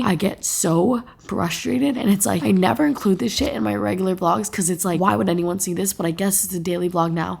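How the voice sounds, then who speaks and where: A woman's voice: lowish voice, creaky. A woman of twenty talking to camera in a casual vlog, chatting while she shops and later venting and crying at home. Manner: profane, frustrated, emotional venting; chatty, upbeat shopping commentary. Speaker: vlogger. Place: shop, then home.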